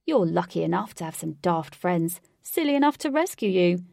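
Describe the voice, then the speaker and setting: A woman's voice: on the low side, big pitch swings, moderate pace, vocal fry, darkish tone, no echo, far from the mic. A woman reading a storybook part for a wry, teasing older man with a dry delivery.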